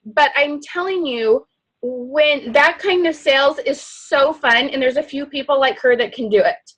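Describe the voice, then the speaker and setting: A loud, outgoing woman giving an animated coaching talk to a sales team. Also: high-pitched, a little slow, poor audio. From not from the Midwest.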